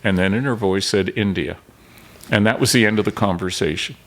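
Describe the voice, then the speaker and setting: A man's voice: lowish voice, fast talker. An older man from Canada, a filmmaker and podcast guest, telling stories animatedly and acting out the dialogue. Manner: animated storyteller, acts out dialogue. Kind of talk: storytelling in casual interview.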